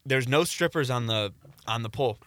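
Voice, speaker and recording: A young man from telling a story in casual podcast chat, animated and acting out what people said. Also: mid-range voice, fairly quick, no echo.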